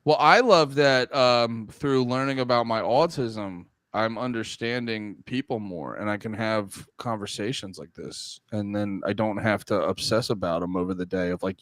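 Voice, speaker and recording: A man co-hosting a casual podcast, animated and swinging into high mocking voices when he quotes people. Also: normal speed, hardly any pauses, no echo. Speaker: podcast co-host.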